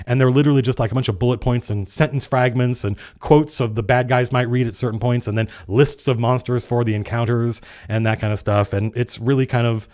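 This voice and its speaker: A middle-aged man hosting a casual livestream chat, talking fast and acting out the people he quotes, with some swearing. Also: mid-range voice. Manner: animated, swearing, acts out quoted players. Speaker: streamer and game designer hosting a live chat.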